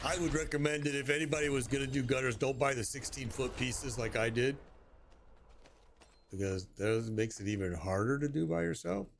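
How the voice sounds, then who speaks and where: A man's voice: mid-range voice, normal speed, gravelly. Chuckly man in his sixties, noisy stream. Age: 60s. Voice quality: chuckling, storytelling, playful put-on voices for quotes. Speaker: game streamer. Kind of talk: casual chat while gaming.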